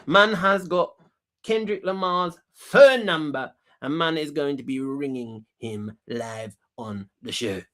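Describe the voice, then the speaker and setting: A man's voice: a little high, slow, a bit bright. A man hosting a comedy talk show, rambling cockily and repeating himself. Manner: cocky, rambling, slang-heavy, repeats himself. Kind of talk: comic talk show monologue.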